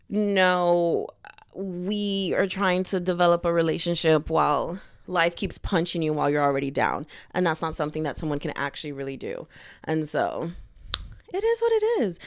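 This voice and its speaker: A young woman hosting a podcast in casual chat, gushing and animated, with lots of "like". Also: on the low side, normal speed, clean tone, dry recording, studio quality. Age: young adult. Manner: gushing, animated, heavy filler "like". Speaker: podcast host. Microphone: headphones on, podcast mic.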